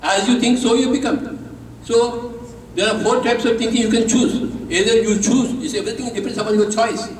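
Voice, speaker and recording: A man's voice: extremely high pitch, steady tone, a little fast, a little hiss or hum. A man from India with an Indian accent, a spiritual teacher giving an emphatic, repetitive talk to a live audience and leading call-and-response. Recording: echoey hall, voice from a distance.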